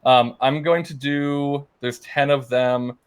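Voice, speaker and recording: Slow and steady, with a medium pitch and a clean tone, this player works through his move in a laid-back tabletop game. He keeps stalling with ums, unsure what to do.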